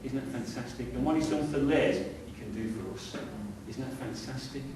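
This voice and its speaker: A middle-aged man preaches a conversational sermon as pastor, his mid-range voice darkish and at normal speed, challenging the congregation with rhetorical questions. It takes place in a church hall with strong echo, recorded by a far-off mic with faint hiss.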